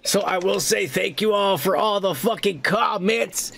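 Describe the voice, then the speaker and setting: A man's voice: sits high, a little slow, vocal fry, fairly bright tone. A man hosting a comedy podcast, reading viewer comments aloud and telling a story in a loose, casual way, swearing a lot and laughing often.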